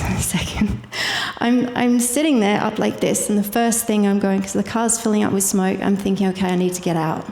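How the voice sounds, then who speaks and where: An Irish woman recounts a personal story as a guest, vivid and quick to laugh. Her voice sits in the middle of the range for a woman. It carries the long echo of a hall, with faint noise underneath. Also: mid-range voice, a little mellow. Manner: vivid, laughs easily while telling. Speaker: guest sharing her testimony.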